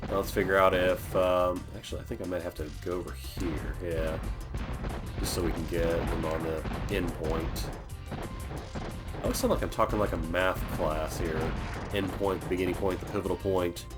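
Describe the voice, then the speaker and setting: A man's voice: low-pitched, steady tone, normal speed. A young man from Florida casually commentating a video game, rambling and joking on tangents. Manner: rambling, jokey, going off on tangents. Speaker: let's play host. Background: game music.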